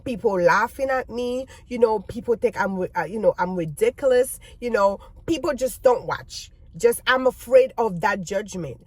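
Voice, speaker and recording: A non-native English-speaking woman vlogging earnest advice to her viewers, halting and repeating words as she restarts her sentences. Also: a little high, darkish tone, breathy edge, no echo. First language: not English. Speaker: YouTuber.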